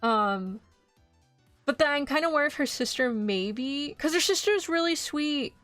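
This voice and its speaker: Animated young-sounding woman streamer. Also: high-pitched, moderate pace, no room sound, soft background music. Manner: animated, laughing, swears when indignant. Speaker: VTuber host. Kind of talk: casual anime recap.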